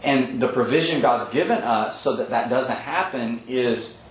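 A man explains Bible verses to a study group, earnest and explanatory, quoting scripture with frequent ums. His mid-range voice moves at a measured pace. The room is echoey, with faint ambience and slight background noise.

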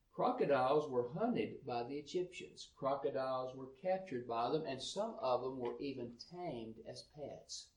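A man's voice: fairly high pitch, a little mellow, echoey room, far from the mic, low-quality recording. A man teaching from the Bible, reading verses aloud with rising emphasis and then explaining them. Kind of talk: sermon-style Bible teaching.

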